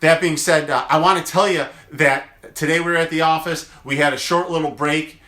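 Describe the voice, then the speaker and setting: A man's voice: a little high, steady tone, moderate pace, bright, forceful tone, reverberant. A man, a chiropractor, chatting casually in a daily video, telling rambling family stories with lots of fillers. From United States. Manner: rambling storyteller, many fillers.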